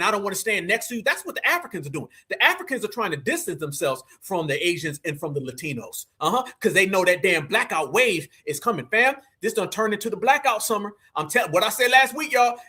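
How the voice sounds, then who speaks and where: Man, livestream host, high bright voice, emphatic, repetitive, preachy. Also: slightly rough. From United States. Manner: emphatic and repetitive, calls listeners "fam"; preachy, addresses the audience directly. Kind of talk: livestream commentary.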